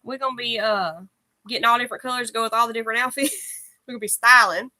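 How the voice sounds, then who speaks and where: Woman, live chat co-host, teasing banter about crafts, fast talker, bright voice. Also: on the high side.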